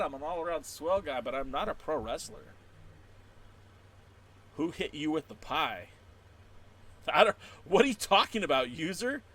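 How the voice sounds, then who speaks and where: A man, a wrestling podcaster and blogger, hosts a playful livestream chat and reads out viewer comments, joking and breaking into sudden loud, excited bursts. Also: on the high side, slight background noise.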